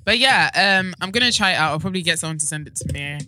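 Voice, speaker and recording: A woman's voice: lowish voice, expressive, racing, noisy background. A woman co-hosting a podcast, chatty and blunt in casual chat. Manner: chatty, blunt, laughs easily. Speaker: podcast co-host.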